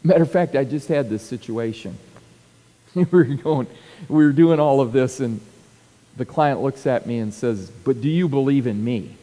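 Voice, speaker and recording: A man's voice: medium pitch, moderate pace, long pauses, warm tone, long reverb tail, rough recording. A middle-aged man, a pastor, talking casually about leadership and telling stories from his life. He laughs often and restarts and repeats words as he talks. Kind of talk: casual leadership talk with anecdotes.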